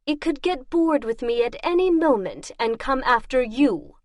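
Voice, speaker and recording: A woman voices a trapped man issuing urgent, controlled commands, pitching above her own natural voice. Her delivery sits high with lively intonation, a moderate pace and a slightly mellow quality, recorded cleanly in a studio with no room sound.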